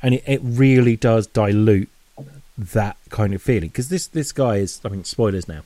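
A man's voice: fairly low pitch, normal speed, dark tone, no room sound. A man, co-hosting a casual film review chat in a chatty way, with many restarts and fillers. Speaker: podcast co-host.

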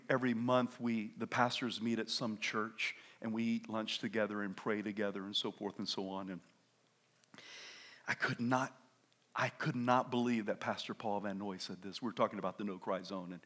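A man in his fifties preaching a lively sermon as a pastor, telling stories and often shouting with laughter. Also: mid-range voice. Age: 50s. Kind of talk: energetic sermon.

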